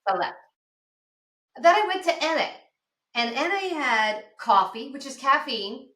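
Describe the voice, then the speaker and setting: A woman in her fifties, from outside Philadelphia, tells her story in a lively way and acts out the people in it. Her voice sits fairly high and sounds bright. The room adds a clear echo. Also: unhurried. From outside Philadelphia, USA. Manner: lively storyteller who acts out past dialogue. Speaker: podcast guest, addiction counselor. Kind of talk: personal storytelling on a podcast. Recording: roomy echo.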